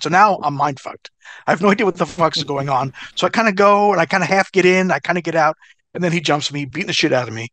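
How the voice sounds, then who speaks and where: A man's voice: a little high, quick pace, no echo. A middle-aged man and former pro wrestler telling stories in a casual interview, swearing freely and laughing as he goes. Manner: profane, animated, laughs through stories.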